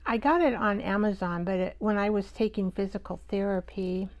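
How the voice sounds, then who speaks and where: A woman hosting a live art show, chatting and thinking aloud as she works, with soft half-whispered asides. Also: medium pitch, moderate pace, lo-fi sound. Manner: chatty, rambling, talks to herself while working.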